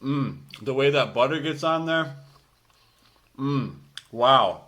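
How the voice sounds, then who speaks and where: Relaxed male coach, easygoing vlog chat to his students, talks while eating. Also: mid-range voice, slow. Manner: relaxed and chatty, talks with his mouth full. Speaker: school gym coach. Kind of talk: casual cooking vlog to students.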